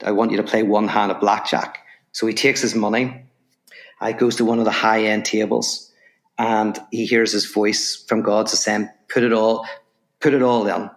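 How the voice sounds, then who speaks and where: A man's voice: fairly low pitch, moderate pace. A man telling a parable and then explaining abstract ideas as a podcast guest, acting out the voices in his story and restarting phrases as he builds each point. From Northern Ireland. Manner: lively storyteller, acts out voices in anecdotes.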